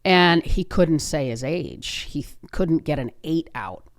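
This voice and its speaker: A podcast host in her fifties shares a personal story, her low-pitched voice lively in intonation but a little slow. She speaks earnestly and conversationally, frequently starting over.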